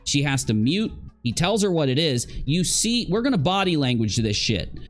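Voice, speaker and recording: A man's voice: fairly high pitch, big pitch swings, moderate pace, faint music behind. A man giving casual livestream commentary, chatting straight to his viewers and acting out the reactions of the people in the clips.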